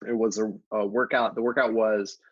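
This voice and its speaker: A man's voice: lowish voice, flat delivery, moderate pace. A man in casual chat as podcast host, loose and conversational with restarts. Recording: dull lo-fi sound.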